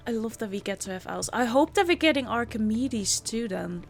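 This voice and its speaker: A woman playing a video game and chatting softly and playfully as she goes. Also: a little high, expressive, normal speed, vocal fry, few pauses. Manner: soft-spoken, chatty and playful. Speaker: gaming channel host. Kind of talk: casual game commentary.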